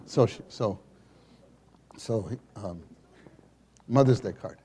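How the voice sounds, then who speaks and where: A man telling a personal story at a church meeting, animated and acting out the people in it. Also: lowish voice, slow pace, a little hiss or hum. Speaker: speaker sharing a testimony at a church meeting.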